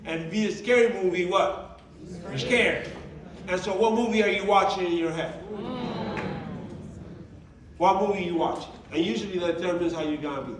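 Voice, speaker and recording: A man with a high voice presents a motivational workshop to a live group, speaking at normal speed with frequent pauses. His delivery is conversational and emphatic, packed with rhetorical questions. The room is echoey, the mic is distant, and a crowd can be heard in the background.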